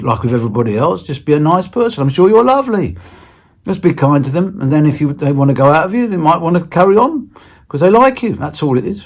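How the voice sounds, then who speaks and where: Husky, playful British man. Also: a little high. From Britain. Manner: playful, rambling, with stammered restarts. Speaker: interview guest. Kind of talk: casual chat.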